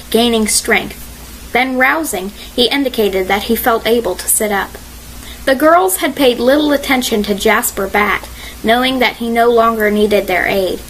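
A woman narrating a mystery audiobook in a measured, expressive reading style. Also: on the high side, a little hiss or hum, low-quality recording.

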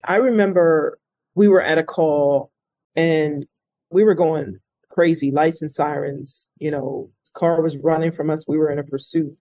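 With a low-pitched voice and a slightly slow delivery, a middle-aged woman who retired from the state police reflects earnestly on her life in an interview, growing animated when she quotes others. The audio is dull, with no echo.

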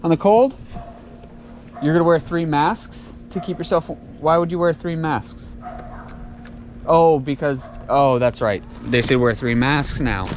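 A man's voice: fairly high pitch, steady tone, a little slow, slight background noise. A man from Tennessee, vlogging casually outdoors in a farmyard while he does chores, ranting and sarcastic. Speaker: homestead vlogger. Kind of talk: casual vlog.

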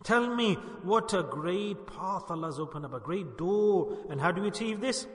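A man's voice: sits high, expressive, normal speed. A man preaching a sermon to a gathering, emphatic and repeating his key points. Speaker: Sufi preacher. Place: gathering hall. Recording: echoey hall, long reverb.

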